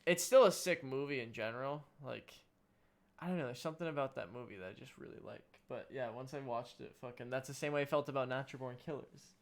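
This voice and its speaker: This young co-host of a casual podcast chat has a mid-range voice and talks fast. He sounds laid-back and tired, yawning, swearing freely and calling people bro.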